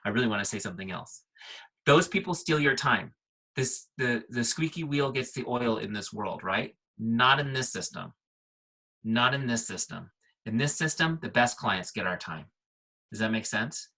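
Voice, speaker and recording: Guest trainer, male, middle-aged, bright husky voice, upbeat and punchy. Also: mid-range voice, animated, moderate pace, rough recording. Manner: upbeat, punchy, checks in with listeners. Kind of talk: software walkthrough on a team call.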